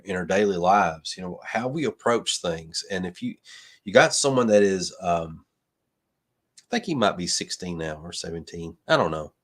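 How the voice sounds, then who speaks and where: A man hosting a late-night live stream in a low-pitched voice, rambling through thoughts with frequent restarts and fillers. He turns earnest and encouraging as he signs off. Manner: earnest, motivational sign-offs. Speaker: livestream host. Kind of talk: casual livestream chat.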